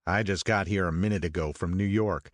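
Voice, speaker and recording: A man voicing a gruff commanding rich man. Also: low-pitched, brisk, no echo, studio quality, natural voice. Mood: urgent. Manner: gruff, authoritative. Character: brusque burly wealthy man, commanding. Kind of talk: audiobook character voice.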